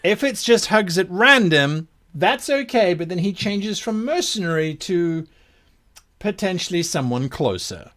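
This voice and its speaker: A man running a tabletop game as its game master, narrating slowly and without hurry. He lets the scene unfold at an easy, deliberate pace, often with a chuckle. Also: high-pitched, animated, fairly bright tone.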